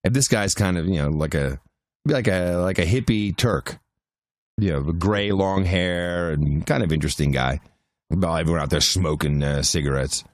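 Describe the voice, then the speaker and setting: Rambling storyteller man, low dry voice. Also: normal speed, no echo. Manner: rambling anecdotes with many restarts. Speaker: podcast co-host. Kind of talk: casual chat, storytelling.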